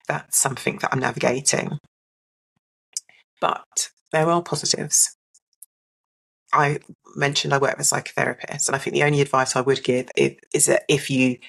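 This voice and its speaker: Low, gravelly-voiced woman speaking candidly. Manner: reflective and open, mimics others in a brighter voice. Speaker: podcast guest. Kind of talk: candid personal account.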